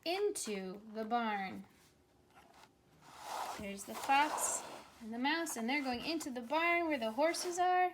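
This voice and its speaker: A woman teacher reading a picture book aloud to young children, gently coaxing them to repeat animal sounds. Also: high voice, expressive, moderate pace, background noise.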